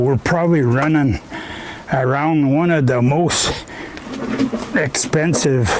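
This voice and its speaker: A man's voice: mid-range voice, background noise. A Canadian man chatting casually in his woodshed as he stacks firewood, rambling in a folksy way and tagging "eh?" onto his sentences. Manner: rambling, folksy, ends phrases with "eh?". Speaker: vlogger.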